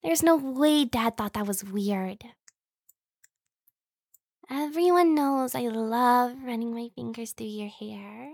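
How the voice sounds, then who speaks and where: A playful, clingy younger sister, as a woman acts her out, in a whispered role-play. Her high voice drifts slowly between soft breathy whispers and light giggles. The sound is dry and intimate, right up against the microphone. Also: dry recording, exaggerated voice. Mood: teasing.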